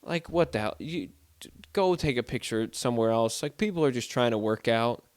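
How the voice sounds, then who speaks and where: Expressive and brisk, the South Dakota podcaster tells casual everyday stories alone at home, sprinkling in "like" and "dude" constantly. The medium-pitched voice is recorded dry and clean, studio-style.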